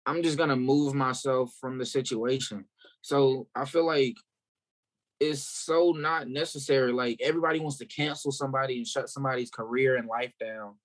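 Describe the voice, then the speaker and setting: A man from South Carolina, a guest musician in a casual interview, telling stories in a candid, animated way. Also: mid-range voice, normal speed.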